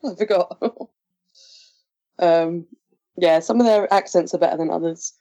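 A woman's voice: fairly low pitch, steady tone, moderate pace, dark tone. A woman co-hosting a casual podcast, recapping a show chattily with frequent fillers and laughs. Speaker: podcast co-host recapping episodes. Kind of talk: casual chat.

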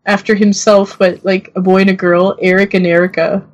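A woman chatting casually as a podcast co-host over a remote call, quick to laugh. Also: mid-range voice, little pitch movement. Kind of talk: casual chat.

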